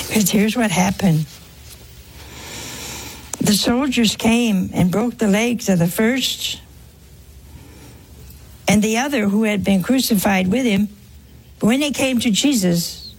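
A woman preaching a devotional sermon, telling it slowly and emphatically with rhetorical questions. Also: medium pitch, darkish tone, slight background noise.

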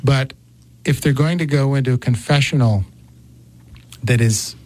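A man hosting a talk show, telling a personal story in a lively, conversational way. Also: mid-range voice, a little slow. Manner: storytelling, animated. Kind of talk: casual chat.

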